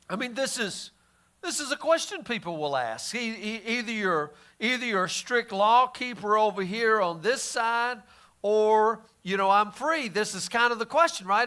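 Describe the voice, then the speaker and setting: A man's voice: high voice, animated, normal speed, pushed and bright. A man teaching the Bible in a casual, folksy way, often restarting his sentences. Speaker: pastor.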